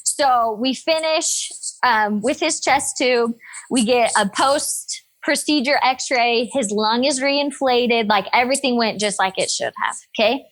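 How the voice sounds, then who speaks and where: A woman in her thirties, a nurse and podcast guest, telling a story in an energetic, upbeat, animated way. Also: a little high, measured pace. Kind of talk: casual storytelling interview.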